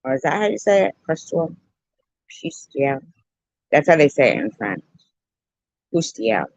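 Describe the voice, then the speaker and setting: A woman livestreamer telling a story and joking with her viewers in an animated, playful way, on a dull, dry lo-fi recording. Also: sits low, gravelly, dry recording. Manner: animated, jokey, slow and drawn out. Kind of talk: casual storytelling and chat.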